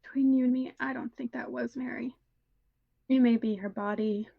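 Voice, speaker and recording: A woman voicing a troubled teenage fey schoolgirl in a tabletop game, speaking low and half-whispered. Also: steady tone, moderate pace, vocal fry, narrow, tinny audio. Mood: confiding. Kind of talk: tabletop role-play.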